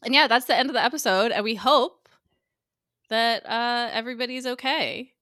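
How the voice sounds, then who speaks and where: A woman co-hosting a casual podcast recap, chatty and swearing freely as she quotes characters in quick asides. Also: on the high side, bright, forceful tone, dry recording, clean studio sound. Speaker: guest co-host.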